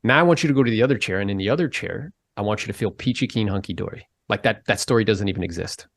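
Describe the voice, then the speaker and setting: A man hosting a podcast, talking in a casual interview style, animated and emphatic as he pushes his pitch up to stress points. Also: very fast, no echo, studio quality. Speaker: podcast host.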